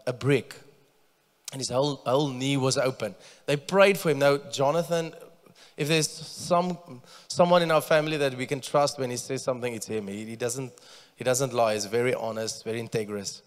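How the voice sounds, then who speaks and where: Pastor preaching in a hall. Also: male voice, mid-range voice. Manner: conversational, repeats words when starting sentences. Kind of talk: sermon. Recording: long church reverb.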